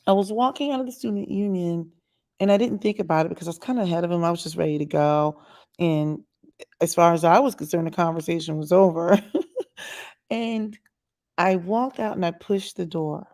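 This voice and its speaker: A woman with a fairly low voice tells a story in a relaxed vlog monologue. Her tone is gravelly with noticeable fry. She chats in an animated way and acts out the people she quotes. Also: fairly quick. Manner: chatty, animated retelling with quoted asides. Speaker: vlogger.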